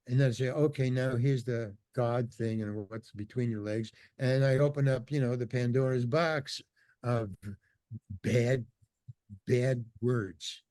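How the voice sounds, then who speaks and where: Older male guest, animated storyteller, dry studio sound. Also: medium pitch, unhurried, no room sound. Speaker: podcast guest. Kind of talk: casual storytelling interview.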